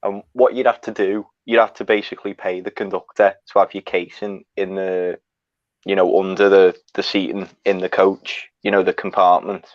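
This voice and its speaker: A man's voice: low-pitched, level tone, moderate pace, dry recording. A young man telling a rambling, sweary travel anecdote in a casual chat. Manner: swearing, rambling, laughs at own story. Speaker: storyteller guest. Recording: dry, slightly dull mic.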